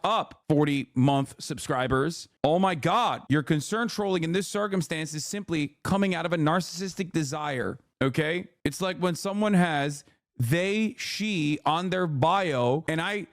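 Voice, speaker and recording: A man's voice: fairly high pitch, unhurried, no room sound, studio quality. A male streamer hosting a live commentary, ranting angrily and sarcastically with heavy profanity. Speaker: streamer host.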